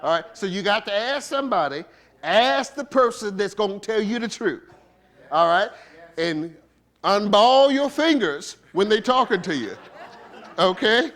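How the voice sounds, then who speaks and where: A man's voice: sits high, expressive, measured pace, a bit bright. A man preaching a sermon as a bishop, conversational and playful, asking the congregation rhetorical questions and laughing between points, with features.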